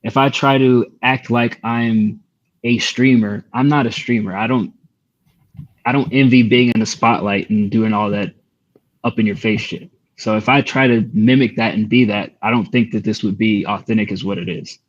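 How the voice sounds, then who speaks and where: A man's voice: on the low side, fairly even intonation, moderate pace, muffled recording. A man co-hosting a casual stream chat as a rapper, talking in a reflective, laid-back way. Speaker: co-host and rapper.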